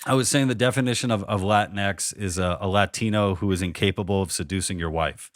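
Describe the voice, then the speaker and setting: A man's voice: deep voice, fairly quick, dry recording. A man in his thirties hosting a podcast, rambling and joking at his own expense with many restarts. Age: 30s. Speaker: podcast host. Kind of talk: casual comedic conversation.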